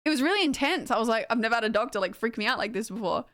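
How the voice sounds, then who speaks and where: A young woman talks at a racing pace in a slightly bright, high-leaning voice while casually chatting with her stream's viewers. She rambles, laughs often and fills her speech with fillers.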